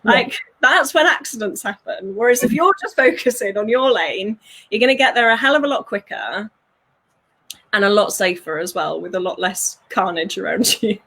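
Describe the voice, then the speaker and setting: A woman, working as a fulfillment coach, talks through ideas in an animated way, laughing often and acting out voices. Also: medium pitch, normal speed, husky. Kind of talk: conversational interview.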